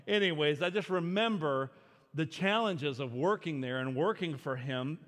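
A man from Arkansas preaching a sermon, telling a personal story in a conversational, self-deprecating way with frequent fillers. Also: on the high side. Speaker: pastor. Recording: long reverb of a big hall.

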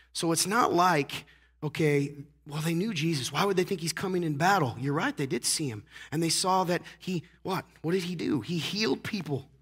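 A hoarse, congested man preaching a casual sermon to a church congregation, teasing the crowd and asking rhetorical questions. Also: on the high side, a bit bright. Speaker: pastor. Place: church sanctuary.

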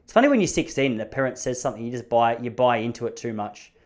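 A man's voice: mid-range voice, expressive, quick pace. A man in his thirties with an Australian accent, telling rambling, self-mocking comic stories in a casual chat. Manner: rambling, self-mocking, often restarts phrases.

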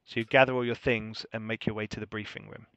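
A man's voice: on the low side, level tone, quick pace, fairly bright tone, no echo, muffled recording. A man, narrating a tabletop game as game master in a casual, rambling way with many ums.

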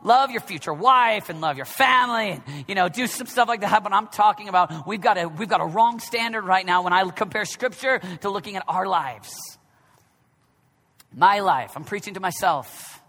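A man in his thirties preaching a sermon, dropping to a near whisper and then rising to shouts. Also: high-pitched, moderate pace. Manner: swings from hushed, near-whispered reflection to loud, shouted exhortation. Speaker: pastor. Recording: long reverb of a large hall.

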